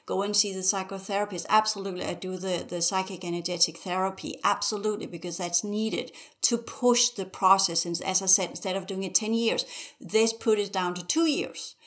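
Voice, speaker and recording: A woman teacher speaking as a podcast guest, urgently exhorting listeners with strings of rhetorical questions. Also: mid-range voice. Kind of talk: podcast conversation.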